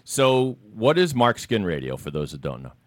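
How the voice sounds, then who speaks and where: A man's voice: lowish voice, very animated, moderate pace, no echo. A man hosting a casual chat, telling rambling stories with restarts and laughter. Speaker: podcast host.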